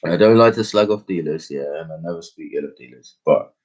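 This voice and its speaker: A young man tells a personal story in loose, slangy chat. He keeps circling back on himself with fillers and restarts. His voice sits low and slightly husky. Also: fast, a little mellow. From England. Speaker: podcast host. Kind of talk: casual storytelling.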